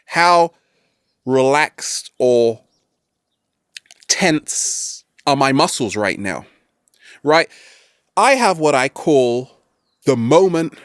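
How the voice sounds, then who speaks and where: A man hosting a self-help video, giving an animated, playful motivational talk to camera. He keeps asking "right?" and throws in jokey catchphrase asides. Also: mid-range voice, no room sound, clean studio sound.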